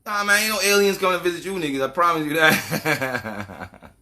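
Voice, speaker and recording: A man's voice: fairly high pitch, moderate pace, bright, forceful tone. A man giving a casual, profane monologue as a channel host, ranting animatedly and laughing often.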